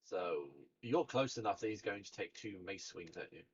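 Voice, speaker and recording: Man, game master, chatty, animated pitch, muffled recording. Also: moderate pace, heavy background noise. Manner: chatty, laughs often. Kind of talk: narrating a tabletop game. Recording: dull lo-fi sound.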